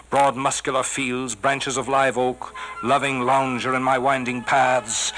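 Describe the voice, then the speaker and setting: A man giving a theatrical poetry recitation, swelling on some phrases and dropping to a hushed whisper on refrains. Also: mid-range voice, steady tone, unhurried, hardly any pauses, a little hiss or hum, rough recording. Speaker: poetry reader.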